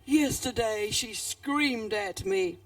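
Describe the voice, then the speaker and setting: A woman's voice: a little high, takes it slowly, dry recording, far from the mic. A woman voicing a nervous, grumpy female snake in a children's story, drawn out and stammering. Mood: grumbling.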